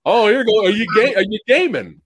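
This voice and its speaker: A man in his forties chats casually with his stream audience, laughing often between remarks. His voice sits a little high and swings widely in pitch. He talks into a headphone mic at home. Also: sing-song, fast talker, husky. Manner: laughs often, chatty with chat. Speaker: host. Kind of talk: casual livestream chat. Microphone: headphones or earbuds mic.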